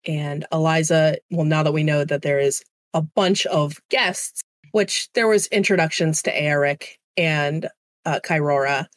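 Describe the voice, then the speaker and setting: A woman's voice: sits low, a little slow, no room sound. A woman running a tabletop game as game master, narrating casually with swearing and laughter.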